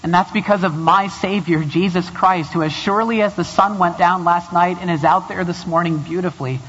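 A man's voice: on the high side, a bit bright, husky. Man preaching in an echoing chapel. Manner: self-deprecating humor, building to earnest emphasis. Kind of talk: sermon. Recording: dull recording in a long-echo hall.

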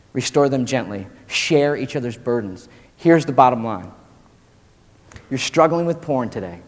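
Slangy male pastor in a reverberant hall. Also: medium pitch. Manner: slangy and animated, says "dude" and "man" often. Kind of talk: casual sermon to college students.

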